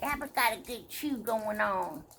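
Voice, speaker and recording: A woman vlogger chatting playfully to her pets and toys, calling each by name in simple, gentle sentences. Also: fairly high pitch, lively intonation, measured pace, heavy background noise.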